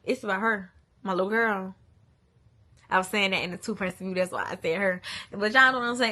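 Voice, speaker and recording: A woman's voice: medium pitch, a little fast, pushed and bright. Young woman, mother, casual venting monologue, blunt, swears a lot, repeats for emphasis.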